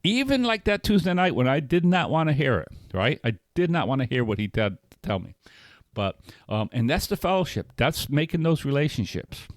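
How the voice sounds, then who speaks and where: A man's voice: a little high, very animated, fairly quick, no room sound. Man telling a personal recovery story. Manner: rambling, frequent restarts and "right?" tags. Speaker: podcast co-host. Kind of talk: casual storytelling in a recovery podcast.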